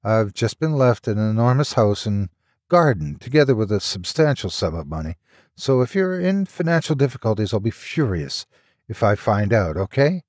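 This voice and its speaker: A man's voice: on the low side, normal speed, no room sound, clean studio sound. Man doing a cheerful sing-song caller. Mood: reassuring. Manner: lively sing-song, blurting. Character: excitable cheerful man on the phone.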